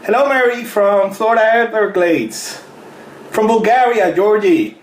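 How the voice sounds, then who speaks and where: A man's voice: high-pitched, lively intonation, a little slow. A man, a fitness coach, chatting casually on a live stream, greeting viewers by name and laughing often. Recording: roomy echo with faint noise.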